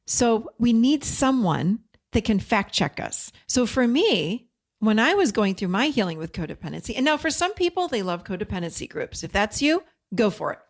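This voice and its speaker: A woman's voice: on the high side, very animated, moderate pace. A woman hosting a podcast, talking in a casual, direct teaching monologue and acting out bits of dialogue as she goes. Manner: conversational and direct, acts out quoted dialogue. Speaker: podcast host.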